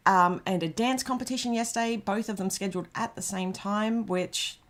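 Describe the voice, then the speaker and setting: With a mid-range voice at a moderate pace, an Australian woman runs a casual livestream where she chats, rambles and reads out comments, filling it with ums and false starts.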